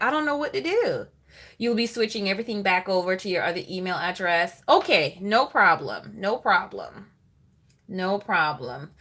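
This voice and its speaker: A woman's voice: fairly high pitch, a bit bright. A woman hosting a casual planner livestream, chatting and greeting viewers by name while laughing often.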